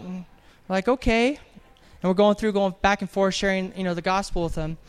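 A man preaching an animated sermon in church, telling a story with jokes and acted-out voices. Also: high voice, brisk, clear, resonant tone. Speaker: evangelist preacher.

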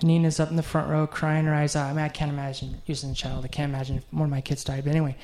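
A man's voice: fairly high pitch, little pitch movement, racing, darkish tone. A middle-aged man preaching a sermon, telling a heartfelt story in an earnest way and closing in prayer.

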